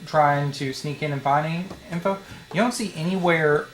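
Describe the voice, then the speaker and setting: A man narrating as dungeon master, hesitant and full of pauses and fillers. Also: a little high, a little hiss or hum. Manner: halting, many fillers. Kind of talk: narrating a tabletop game.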